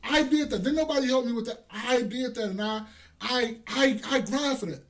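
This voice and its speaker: A man co-hosting a podcast, talking in a loud, animated casual chat and swearing freely. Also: very high-pitched, moderate pace, recorded from a distance. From Chicago. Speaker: podcast co-host.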